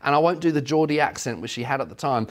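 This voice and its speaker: A man's voice: mid-range voice, quick pace. Man preaching a sermon. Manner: storytelling, animated, voices quotes.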